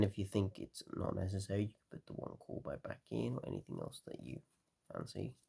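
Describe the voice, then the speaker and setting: A tired man talking casually through a card game deck, relaxed and rambling with lots of fillers. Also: low voice, vocal fry.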